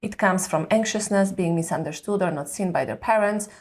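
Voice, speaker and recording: A woman's voice: on the low side, a little fast, darkish tone. A woman who is a mother and parenting coach, explaining patiently in conversation and often checking in with "correct?". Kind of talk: advice in conversation.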